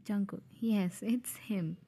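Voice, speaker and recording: Woman voicing a cold possessive young mafia man, hushed. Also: medium pitch, steady tone, takes it slowly, breathy edge. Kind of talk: fan audio drama.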